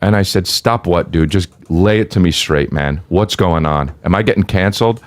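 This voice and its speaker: A man's voice: low-pitched, moderate pace. A man telling a comedic story in casual chat, swearing and voicing the people in it. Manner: animated, voices characters in his story, swears freely. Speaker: comedian guest.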